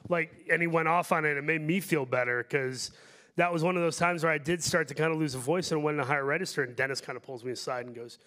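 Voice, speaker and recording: A man's voice: a little high, fast talker, bright, forceful tone. A man answering questions at a film festival panel, joking and rambling in a self-deprecating way. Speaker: actor on a panel.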